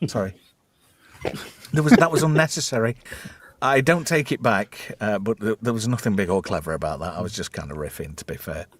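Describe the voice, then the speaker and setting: A man's voice: fairly low pitch, fairly quick. A man hosting a casual, crude chat show, riffing bawdy jokes and laughing a lot. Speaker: podcast host.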